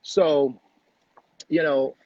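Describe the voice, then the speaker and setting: A middle-aged man speaks in a husky, somewhat high voice, telling his own story with earnest emphasis and repeated phrases. The sound is dry and close, with a dull, lo-fi home-recording quality. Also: steady tone, drawn-out words, a little mellow, no room sound. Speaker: guest. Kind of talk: personal storytelling in conversation.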